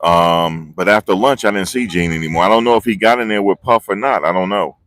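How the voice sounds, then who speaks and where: A man vlogging live outdoors, talking in a rambling, excitable way and losing his train of thought. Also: low-pitched, a little fast, dry recording, studio quality. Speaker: vlogger reporting on a trial. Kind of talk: live casual street commentary. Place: outdoors outside a courthouse. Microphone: phone on a handheld gimbal.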